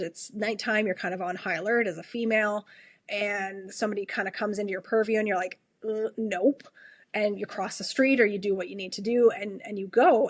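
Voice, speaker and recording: Husky-voiced woman, earnest storyteller. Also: medium pitch, fairly bright tone, no echo. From Canada. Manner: earnest, frequent self-restarts, repeats her questions. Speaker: guest, ER nurse. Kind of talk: personal storytelling in a podcast interview.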